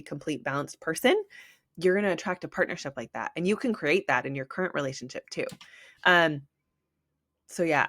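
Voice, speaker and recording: A woman's voice: low voice, fairly bright tone, no room sound, studio quality. A woman hosting a solo podcast, talking in a rambling, conversational way, filling gaps with "like" and giving encouragement. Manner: rambling, conversational, heavy use of "like"; encouraging, motivational. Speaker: podcast host, business coach. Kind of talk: casual solo podcast monologue.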